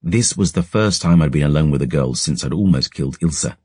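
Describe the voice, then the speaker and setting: A man narrating a dark fantasy audiobook in a measured, brooding storytelling manner, close to a studio mic. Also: very deep voice, lively intonation, husky, no echo.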